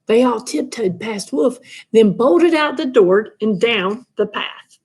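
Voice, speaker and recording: Picture-book reader: woman, high and animated, sing-song, unhurried. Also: slightly rough. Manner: expressive, sing-song storytelling. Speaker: storybook reader. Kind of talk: children's picture book read-aloud.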